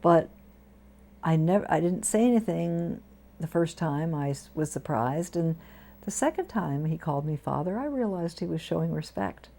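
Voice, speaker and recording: A low-pitched, gravelly older woman shares stories from her life as a priest. Her tone is dark and mellow, and she drops into lively voices when she quotes the people she met. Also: moderate pace. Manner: warm anecdotal storytelling with lively quoted voices. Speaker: Episcopal priest, interviewee. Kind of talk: storytelling interview. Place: community TV studio.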